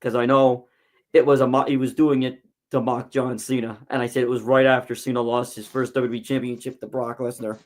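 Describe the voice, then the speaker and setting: A man's voice: mid-range voice, flat delivery, fairly quick. Guy rambling through fan stories on a podcast, keeps restarting his sentences. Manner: rambling storyteller with many restarts. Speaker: guest, wrestling promotion figure. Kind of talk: casual podcast chat.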